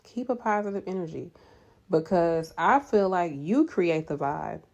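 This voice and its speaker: A woman nurse giving animated, preachy, encouraging advice in a casual vlog. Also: on the low side, a little slow.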